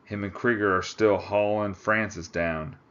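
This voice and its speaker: A gruff, folksy cowboy drawls in a put-on Texas accent, as a man reading a storybook acts him out. The voice sits low and unhurried. The audio is a little muffled and lo-fi. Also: steady tone, fairly bright tone. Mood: drawling. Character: gruff Texan cowboy climber, drawling, plainspoken.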